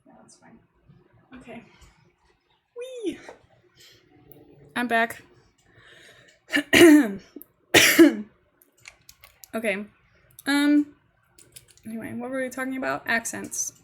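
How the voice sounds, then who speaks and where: A woman's voice: on the high side, takes it slowly, long pauses. A young woman with a posh English accent, chatting casually and giggling as she streams a game. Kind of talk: casual live-stream chat while gaming.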